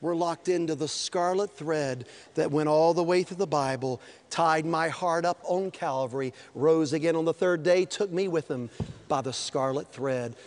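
A man preaching a storytelling sermon, animated, dropping to a hush and rising to a shout. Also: a little high, normal speed. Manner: animated, swinging from hushed to shouting, breaks into a hymn.

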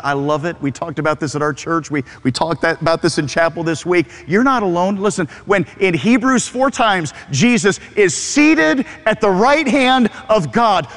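Fervent preaching man in a reverberant hall. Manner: fervent preaching, swings between soft low murmurs and high cries, stammered repeats. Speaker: pastor. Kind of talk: sermon.

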